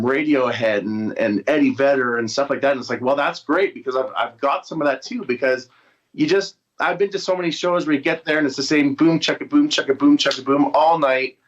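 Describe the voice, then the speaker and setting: A man's voice: mid-range voice, fairly bright tone. A man who is a musician, chatting casually and rambling through an interview over a video call. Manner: rambling, with frequent restarts and fillers. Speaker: musician guest. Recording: dull lo-fi video call audio.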